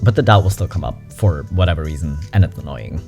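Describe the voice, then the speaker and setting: A young adult nonbinary vlogger reacting to memes in a chatty, frank, animated way, swearing casually. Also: very deep voice, fast talker, vocal fry, soft background music. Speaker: meme reaction host. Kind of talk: casual meme commentary.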